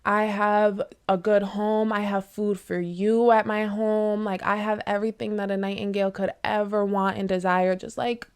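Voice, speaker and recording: A woman's voice: on the high side, steady tone, moderate pace, gravelly, mellow, no room sound, clean studio sound. Woman doing a gullible hungry villager. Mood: coaxing. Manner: coaxing, unsure, casual fillers. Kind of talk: casual retelling of a fable.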